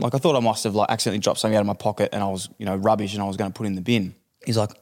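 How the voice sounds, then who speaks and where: A man's voice: lowish voice, wildly swooping pitch, racing, a little mellow. A man telling a long rambling anecdote as a podcast co-host, with laughs and restarts. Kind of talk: casual chat, storytelling.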